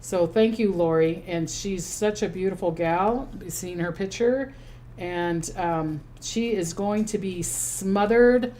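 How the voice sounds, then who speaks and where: A woman's voice: on the low side, slow, warm tone, a little hiss or hum. Older Minnesota psychic woman, chatty. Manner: chatty and rambling, reading out viewer comments. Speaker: psychic host. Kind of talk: casual livestream chat.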